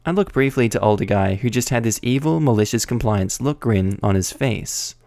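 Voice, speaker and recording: A man's voice: mid-range voice, expressive, normal speed, vocal fry, darkish tone, no room sound. Wry male story narrator. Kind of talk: scripted narration of online stories.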